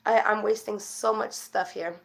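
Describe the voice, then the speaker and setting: A woman's voice: mid-range voice, fairly even intonation, moderate pace, gravelly. A woman chatting casually to camera as a vlogger, rambling with fillers and restarts, worried and frustrated.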